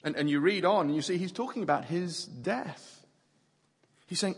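A man's voice: sits high, lively intonation, moderate pace, gravelly, slightly rough. A man preaching a playful sermon to a family audience, using props and repeating words as he talks. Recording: long hall reverb.

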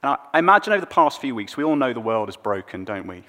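A male preacher delivers a sermon with a lively, rising and falling pitch, telling the story expressively and going quiet at sad points. His voice carries a long reverb from a large church hall. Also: very fast. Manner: expressive storytelling, dropping soft on sad moments.

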